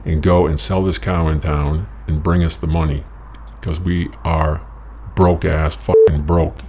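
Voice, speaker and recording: A man voicing an angry, yelling father who scolds his lazy son. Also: very deep voice, flat delivery, measured pace, heavy background noise.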